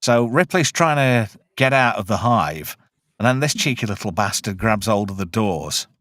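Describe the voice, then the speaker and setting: A man's voice: lowish voice, lively intonation, moderate pace, fairly bright tone, no echo, clean studio sound. Chatty man recapping a film. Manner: chatty, jokey, recaps scenes loosely. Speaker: film review host. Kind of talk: casual film commentary.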